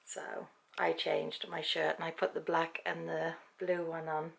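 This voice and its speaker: British woman, casual vlog storytelling, gravelly voice, lowish pitch. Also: moderate pace, a bit bright. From Britain. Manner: chatty, laughs often, acts out quoted speech. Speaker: vlogger. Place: at home.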